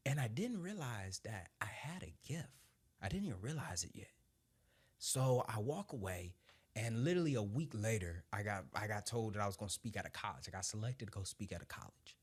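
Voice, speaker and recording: A man in his thirties who was once a Marine sergeant shares his story with animated energy, frequent laughter and casual swearing. He speaks a little fast in a lowish, slightly rough voice.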